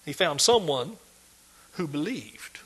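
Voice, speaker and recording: A man preaching a sermon, emphatic, swinging between loud declarations and hushed asides. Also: on the high side, very animated, slow, breathy edge.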